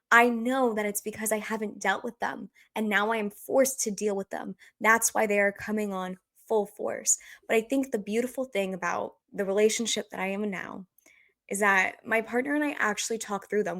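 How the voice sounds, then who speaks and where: A woman's voice: medium pitch, a bit bright. A woman in her twenties hosting a podcast, speaking earnestly and openly in casual, heartfelt chat. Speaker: podcast host.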